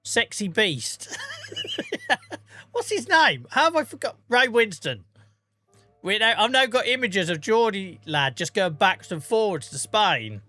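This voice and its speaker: A man in his forties, live streaming a farming game and chatting casually with his chat, joking, laughing often and greeting viewers by name on a boom-arm mic. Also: big pitch swings, a little slow, bright, forceful tone, no echo, faint music behind. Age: 40s. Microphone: boom-arm microphone.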